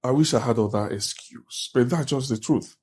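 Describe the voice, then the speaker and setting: An actor with a Nigerian accent playing a weary husband who pleads with his wife to calm down and defends himself. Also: medium pitch, moderate pace, slightly rough, lightly acted. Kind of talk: Nigerian film drama acting.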